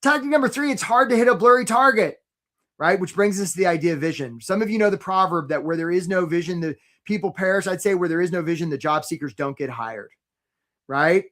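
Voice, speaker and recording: A man hosting a live career-coaching webinar, talking in an energetic, chatty way and often asking "right?". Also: sits high, a little fast.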